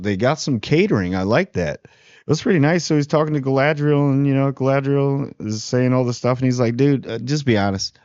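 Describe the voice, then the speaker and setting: Male TV reviewer, relaxed and slangy, dull lo-fi sound with no room echo. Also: medium pitch. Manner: rambling, slangy, laid-back. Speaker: TV show reviewer. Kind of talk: casual spoiler review.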